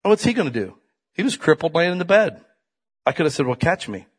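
A middle-aged male pastor preaching a folksy sermon, dropping to quiet asides and rising to loud, emphatic peaks. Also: a little high, very animated, fast, slightly rough.

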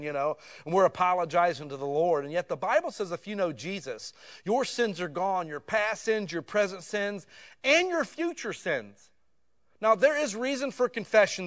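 A man preaching a sermon in a conversational, casual way that swells to loud emotional peaks. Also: high-pitched.

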